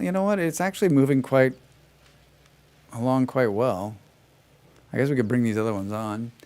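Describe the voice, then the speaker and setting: Playing a game live on stream, a man keeps up a casual chat full of sarcastic, joking asides. His voice is on the high side with a darkish tone.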